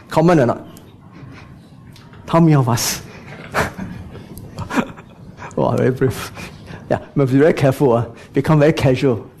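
A man's voice: medium pitch, unhurried, pauses often, a little mellow. A man preaching a sermon, speaking to the congregation with frequent rhetorical questions and "you know" asides.

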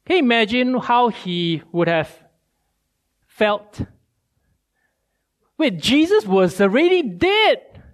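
A male preacher, giving a sermon with animated storytelling and many rhetorical questions. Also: very high-pitched, slow, pauses often.

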